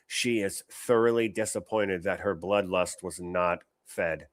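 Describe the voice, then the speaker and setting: A man's voice: deep voice, unhurried. A man hosting a political commentary livestream, brash and mocking, swearing freely. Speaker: show host.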